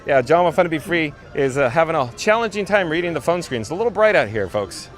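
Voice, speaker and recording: An upbeat man hosts a livestream on foot outdoors, his slightly high voice picked up by a handheld phone. He reads viewer comments aloud in a relaxed, chatty way. Faint music plays in the background. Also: fast. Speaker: livestream host. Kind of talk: walking livestream reading chat. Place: outdoors walking through a theme park.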